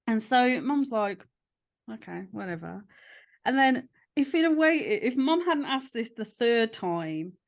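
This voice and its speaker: A woman, a podcast host telling a family story with lively acted-out voices. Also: fairly high pitch, measured pace, vocal fry. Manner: animated storytelling, acting out quoted voices. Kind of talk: casual chat.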